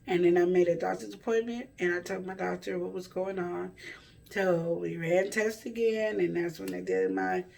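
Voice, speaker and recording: A woman's voice: on the low side, steady tone, moderate pace, gravelly, a little mellow, far from the mic, a little hiss or hum. A woman vlogger telling a personal story to camera in a rambling, self-correcting way.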